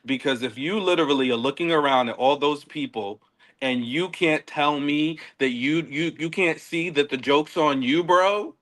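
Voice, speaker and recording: A bright, fairly high-pitched man talks through a reality show in an animated, laugh-filled way. He repeats words as he builds his point and keeps a casual, conversational flow. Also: normal speed. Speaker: podcast co-host.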